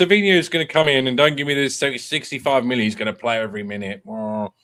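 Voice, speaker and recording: A man hosts a football fan show in a loose, chatty way. He fires off strings of questions and talks ideas through as they come to him. His pitch sits in the middle range. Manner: animated, thinks aloud in rapid questions. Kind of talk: casual football chat.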